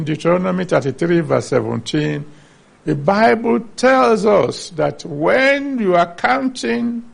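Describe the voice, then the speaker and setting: A man's voice: high-pitched, gravelly, slightly rough. A man preaching a sermon, earnestly teaching from the Bible and citing chapter and verse.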